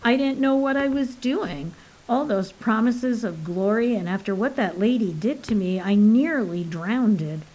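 A woman's voice: fairly high pitch, expressive, moderate pace, a little mellow, poor audio. A woman doing a blunt, sulky young man in a storybook reading. He is brash and crude when he speaks.

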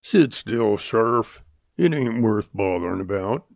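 A man's voice: on the low side, animated, a little slow, gravelly, no room sound. A man voicing a surly, sneering cowhand in a western audiobook, with a growling drawl.

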